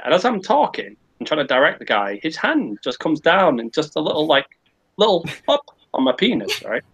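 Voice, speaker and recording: A man's voice: mid-range voice, very animated, fairly quick, a bit bright, highs cut off. A man on a podcast telling a long, rambling story, swearing often and restarting his sentences. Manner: rambling, profane, frequent restarts. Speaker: podcast co-host. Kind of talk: casual storytelling.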